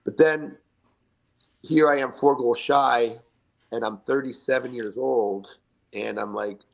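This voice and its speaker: Guest: gravelly middle-aged man, lively storyteller, mid pitch, acts out quotes. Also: takes it slowly. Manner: animated anecdotes with acted-out quotes. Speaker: guest, retired hockey player. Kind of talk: storytelling interview.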